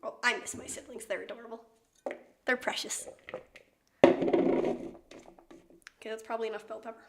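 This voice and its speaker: A woman's voice: fairly high pitch, little pitch movement, moderate pace, very noisy. A young woman chatting casually while she cooks on a stream, laughing often and swearing freely. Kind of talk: casual chat while cooking. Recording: echoey room.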